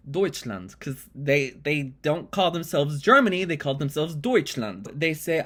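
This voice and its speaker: A man delivering an animated, exasperated comedy monologue, swearing freely. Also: fairly high pitch, normal speed. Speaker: vlogger.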